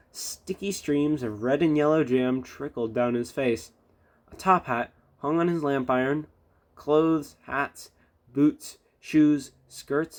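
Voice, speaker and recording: Man reading a children's storybook aloud. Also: mid-range voice. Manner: storyteller tone with chatty asides. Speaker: storybook reader.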